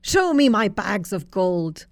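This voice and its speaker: A woman voicing a greedy male giant in a storybook reading, speaking slowly and demandingly. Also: sing-song, no room sound. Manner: slow, booming, demanding.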